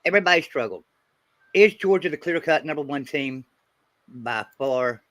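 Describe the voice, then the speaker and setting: Bright-voiced man hosting a sports chat. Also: fairly high pitch, lively intonation, moderate pace, no echo. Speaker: show host reading super chats.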